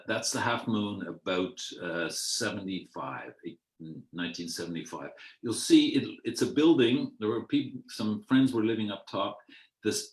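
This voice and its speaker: An older man from Canada rambling through memories of his theatre career on a streamed video call, unhurried and hesitant with many ums and restarts. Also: fairly low pitch. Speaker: outgoing artistic director telling his theatre life. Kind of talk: rambling spoken memoir.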